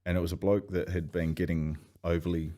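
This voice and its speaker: A man, telling swearing, animated anecdotes as a podcast guest. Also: sits low, brisk. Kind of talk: casual storytelling chat.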